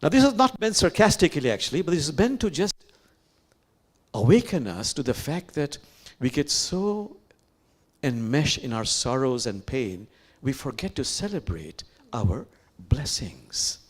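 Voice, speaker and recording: A man, an imam, giving a reflective sermon, slow and unhurried with pauses and soft, whispered asides. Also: a little high, big pitch swings.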